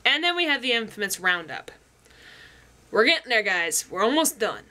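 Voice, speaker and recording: A young woman chatting casually as a reviewer, giggly and animated. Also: on the high side, normal speed. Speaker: music reviewer.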